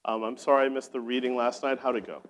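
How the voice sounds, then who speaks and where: A man's voice: medium pitch, fairly even intonation, fast, a little hiss or hum. Man interviewing a poet onstage. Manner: friendly, asks several questions at once. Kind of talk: onstage conversation.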